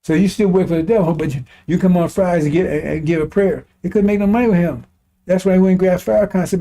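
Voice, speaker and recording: A man's voice: high-pitched, steady tone, fast, creaky, dark tone. A man preaching in a colloquial, impassioned way, reading scripture and adding mocking asides. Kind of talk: sermon commentary on scripture.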